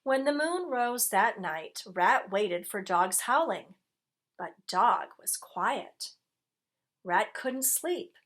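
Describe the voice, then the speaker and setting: A woman reading a picture book aloud to children, gently pausing to ask her listeners questions. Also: mid-range voice, animated.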